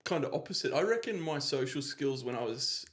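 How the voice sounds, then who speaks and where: Male podcast host, animated pitch, thoughtful, hunts for words mid-sentence. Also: fairly quick. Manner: reflective, often searching for words. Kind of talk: casual conversation.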